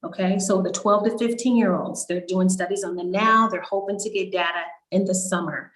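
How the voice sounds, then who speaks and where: A woman's voice: mid-range voice, steady tone, moderate pace, a bit bright. Woman doctor answering health questions, roomy echo. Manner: reassuring, explanatory, frequent "you know". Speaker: doctor panelist. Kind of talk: town hall health Q&A.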